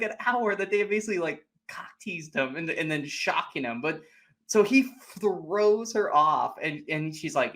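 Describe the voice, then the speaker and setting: A man's voice: on the high side, pushed and bright. A young man co-hosting a podcast, casually retelling a movie and acting out its lines. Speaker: podcast co-host. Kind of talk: casual movie recap chat.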